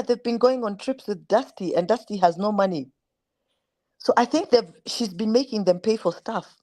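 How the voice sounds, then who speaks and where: A woman guest in a casual group chat who asks curious questions and speaks calmly when reflecting. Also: mid-range voice. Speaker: guest, online group moderator.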